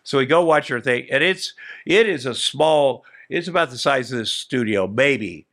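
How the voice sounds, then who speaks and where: A man's voice: mid-range voice, moderate pace. A man, a podcast guest, telling profane anecdotes animatedly and acting out what people said. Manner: animated, profane storyteller who acts out quotes.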